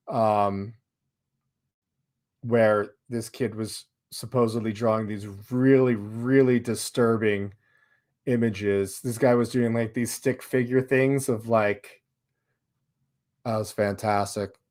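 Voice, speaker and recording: A man's voice: medium pitch, steady tone, slow, darkish tone. A man hosting a live stream in casual chat, reading viewer comments aloud in a loose, sarcastic way and laughing along.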